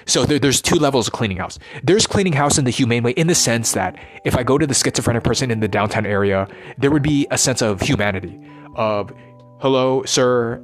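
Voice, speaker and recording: Man, vlogger, rambling monologue, swears a lot, mid-range voice, intense. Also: medium pitch. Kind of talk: unscripted monologue.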